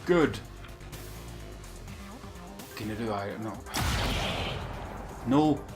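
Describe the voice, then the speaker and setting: A man's voice: fairly low pitch, expressive, very slow, over music. Rambling, sweary male streamer. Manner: rambling, sweary, chatting with viewers. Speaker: game streamer. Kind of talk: casual live-stream chat.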